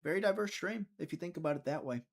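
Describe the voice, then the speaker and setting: A man's voice: a little high, lively intonation, fast. A young man hosting a live fight-watching stream, chatty and teasing, reading viewer chat aloud.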